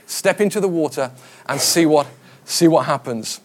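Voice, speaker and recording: A man's voice: a little high, normal speed, slight background noise. A middle-aged man, a pastor, preaching a conversational sermon, with stories and quoted voices.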